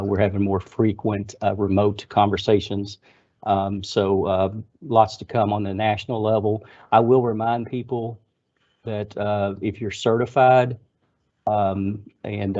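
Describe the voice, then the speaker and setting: An older man with a Kentucky accent giving a halting update to an HR chapter meeting over a video call, with lots of fillers. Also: fairly low pitch, dark tone. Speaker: HR board member. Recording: dull lo-fi webinar audio.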